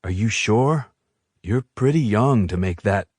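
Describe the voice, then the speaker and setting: A man reading an audiobook who voices a fierce, protective young shifter man, low and earnest. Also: animated, measured pace, a little mellow, husky, dry recording.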